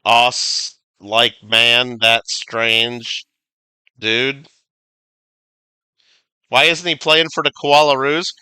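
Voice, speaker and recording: A man's voice: medium pitch, fairly even intonation, extremely slow, pauses often, bright, forceful tone, smooth, no echo, clean studio sound. A man streaming a video game, chatting casually, reading viewer comments aloud and swearing now and then. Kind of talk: casual livestream gaming chat.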